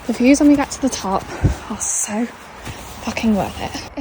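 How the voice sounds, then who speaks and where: Chatty woman vlogging outdoors. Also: measured pace. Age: late 20s. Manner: chatty and bubbly, high sing-song baby talk to her dog. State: slightly out of breath from climbing. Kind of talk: casual vlog chat. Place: outdoors on a cold winter hill walk. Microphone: phone held while walking. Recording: outdoor phone audio with clear background noise.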